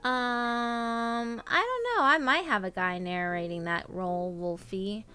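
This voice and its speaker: Bright-voiced woman chatting on a live stream. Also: on the high side, slow pace, faint music behind. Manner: chatty, reads out viewer names, filler-heavy. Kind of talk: casual live-stream chat.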